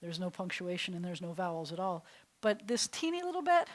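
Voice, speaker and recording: A middle-aged woman from New York, a rabbi teaching a Hebrew class in a chatty, animated way with frequent laughs. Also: on the low side, a little fast. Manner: chatty and animated, often laughing between points.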